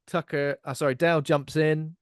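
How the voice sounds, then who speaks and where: A man's voice: a little high, moderate pace, no echo, clean studio sound. Man retelling a film scene. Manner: animated retelling, acts out lines. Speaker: podcast co-host. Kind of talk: casual film discussion.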